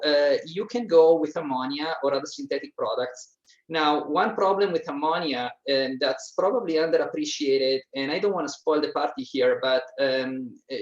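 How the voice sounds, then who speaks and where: A male panelist giving a thoughtful, hesitant technical answer at a workshop. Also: fairly high pitch. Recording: roomy, dull lo-fi recording.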